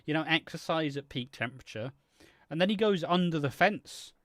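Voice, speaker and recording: Young british guy rambling and cursing, bouncy pitch, dry close sound. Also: lively intonation, normal speed, no echo. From Britain. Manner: rambling storyteller, swears a lot. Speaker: co-host of a soap opera channel. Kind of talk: live stream casual chat.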